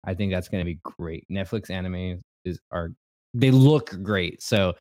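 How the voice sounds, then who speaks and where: Young male co-host, low-ish voice, rambling casual chat, dry mic. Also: measured pace, a little mellow, no echo. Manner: rambling, restarts, laughs often. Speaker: podcast co-host.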